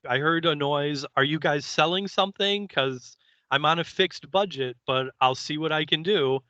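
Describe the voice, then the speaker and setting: A man voicing a sweet, frail little old lady with a high put-on pitch. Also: moderate pace, bright, forceful tone, dry recording, highs cut off. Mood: chatty.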